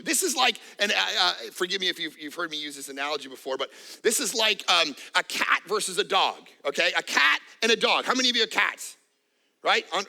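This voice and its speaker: A middle-aged man preaching a sermon as a pastor, animated, acting out little voices and jokes. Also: on the high side, gravelly. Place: church auditorium.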